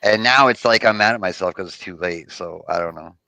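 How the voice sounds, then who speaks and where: A man from Florida talks as a guest on a stream, his voice low yet bright and forceful. He rambles and keeps restarting his sentences. The sound is dry and close. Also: a little fast, dry recording, low-quality recording. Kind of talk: casual chat.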